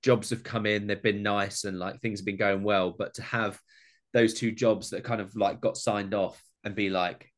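A young British man, a food content creator, talking in a relaxed way in a casual interview and swearing freely. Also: fairly low pitch, normal speed. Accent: British English.

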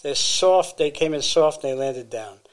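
A man's voice: fairly high pitch, animated, moderate pace. Man rambling through a retelling. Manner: rambling retelling with fillers and restarts. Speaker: podcast co-host. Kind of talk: casual storytelling chat.

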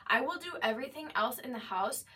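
A young woman co-hosting a podcast in casual chat, talkative and quick to laugh, with lots of fillers. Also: high voice, expressive, bright, forceful tone, a little hiss or hum. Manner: chatty, laughs easily, many "like" fillers. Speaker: podcast co-host. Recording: voice a bit distant from the mic.

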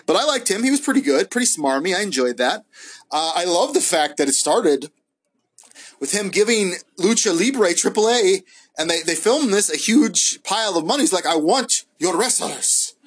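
A man's voice: high voice, very animated, moderate pace, slightly rough. A man casually reviewing wrestling episodes on his own show, rambling and hesitant, full of fillers and restarts. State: high. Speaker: wrestling podcast host.

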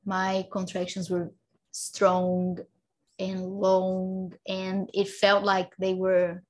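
A woman in her thirties telling her birth story in a casual chat, lively and often laughing. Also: medium pitch, very slow. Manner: animated, laughing, acts out quoted voices.

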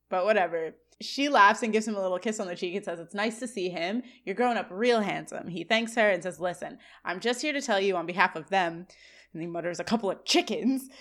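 Lady co-host, recaps scenes, reads out the quotes pretty flat. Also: mid-range voice. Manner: recounts scenes, quoting lines in a flat read. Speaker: podcast co-host. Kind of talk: casual recap chat.

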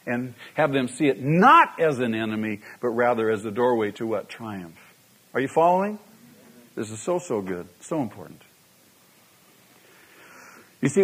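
A man's voice: medium pitch, slightly rough. A man preaching a sermon, repeating his key phrases and asking the congregation rhetorical questions. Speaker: pastor.

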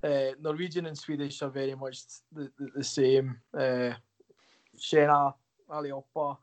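A male hockey coach chatting as a podcast guest, mid-pitched and easygoing. He answers questions loosely and turns them into self-deprecating jokes. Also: level tone, moderate pace, warm tone. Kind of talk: casual podcast interview.

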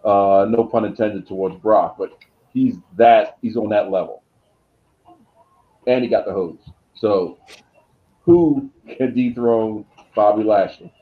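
A man's voice: lowish voice, slow. Man talking wrestling on a muffled mic. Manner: lays out booking ideas, pushy questions. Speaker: podcast co-host. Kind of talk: casual wrestling chat.

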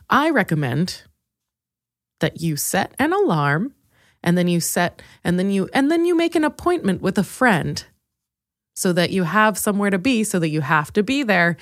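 Lady doing a bossy deadpan fake therapist, low and dry, super close and dry sound. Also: no echo. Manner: dry, lowered, matter-of-fact advice.

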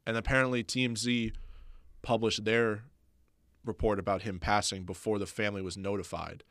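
A man talking as a guest on a podcast, fast and halting, with many restarts. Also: on the low side, little pitch movement, fairly bright tone, no room sound, studio quality. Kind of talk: casual podcast chat.

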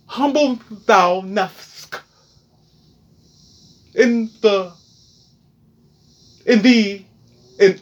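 A man voicing a stiff, pompous mock-royal speaker in a very slow, drawn-out, mock-formal way. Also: high voice, exaggerated voice.

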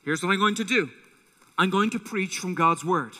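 A man preaching a sermon as pastor, animated and acting out quotes with a rising voice, in a church auditorium. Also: high voice, moderate pace. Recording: long hall reverb.

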